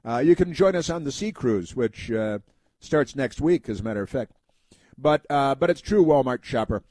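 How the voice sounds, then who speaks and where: A man's voice: mid-range voice, expressive, normal speed, a little mellow, dry recording. Wry, rambling male radio host. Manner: rambling, wry and self-mocking. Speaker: radio talk show host. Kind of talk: casual call-in radio talk.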